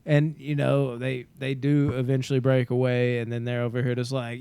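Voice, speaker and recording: A man co-hosting a casual movie podcast, talking in an animated way, acting out quotes and laughing often. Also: medium pitch, normal speed, gravelly, clean tone, dry recording. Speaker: podcast co-host.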